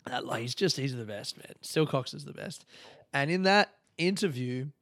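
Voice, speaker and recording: A man's voice: medium pitch, animated, normal speed, fairly bright tone, dry recording, clean studio sound. A young man hosting a podcast, talking on his own in a rambling, candid way and swearing freely. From Australia. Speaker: podcast host. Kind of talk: casual solo podcast monologue.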